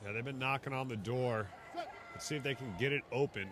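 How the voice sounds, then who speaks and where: A man in his thirties giving casual, excitable live rugby commentary outdoors. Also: medium pitch, fairly quick, noisy background. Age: 30s. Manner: chatty, excitable, bursts into shouts on big plays.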